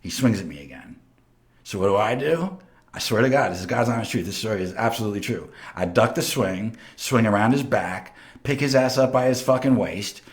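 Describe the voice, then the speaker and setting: A man's voice: fairly low pitch, fairly quick. Profane, boastful New York man. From Long Island, New York. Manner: animated, boastful, heavily profane. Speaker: host. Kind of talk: casual storytelling.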